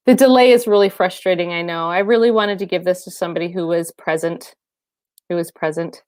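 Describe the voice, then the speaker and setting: A woman's voice: mid-range voice, darkish tone, no room sound. A woman fitness trainer hosting a casual live stream, chatting and laughing with viewers and calling them by name.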